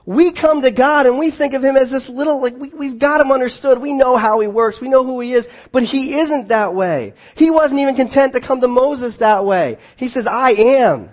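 High-voiced man preaching a casual sermon. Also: moderate pace, hardly any pauses. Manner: conversational, self-correcting, swings between hushed and emphatic. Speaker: pastor.

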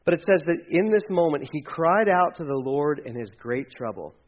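Man, sermon, fairly high voice, conversational, loud then hushed, muffled lo-fi recording. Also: animated, moderate pace. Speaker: pastor.

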